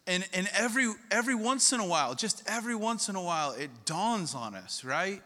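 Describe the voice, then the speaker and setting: A man's voice: high voice, animated, brisk, sharp tone. A middle-aged man preaching a sermon, telling a personal story and then building to emphatic repeated points. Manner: storytelling, rising to emphatic repetition. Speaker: pastor. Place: church hall. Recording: long hall reverb.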